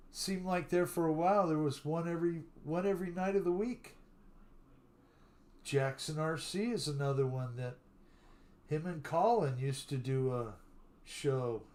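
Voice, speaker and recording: An older man hosts a live stream, talking slowly and easily with a fairly high voice. He drawls through rambling stories and stops to greet his viewers by name. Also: a little mellow. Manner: chatty storyteller who greets viewers by name; drawling, unhurried talk. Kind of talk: casual live stream chat.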